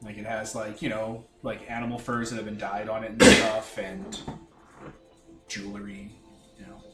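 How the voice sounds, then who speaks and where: A man's voice: on the low side, normal speed. Joking, swearing male game master. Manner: laughing, swearing, self-mocking. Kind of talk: narrating a tabletop game. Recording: echoey room with faint music.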